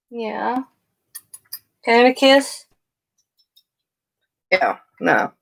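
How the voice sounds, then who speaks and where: A woman's voice: a little high, big pitch swings, extremely slow, gravelly, pauses often, no room sound, rough recording. A woman giving a casual live tarot reading, rambling and easily sidetracked. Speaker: tarot reader.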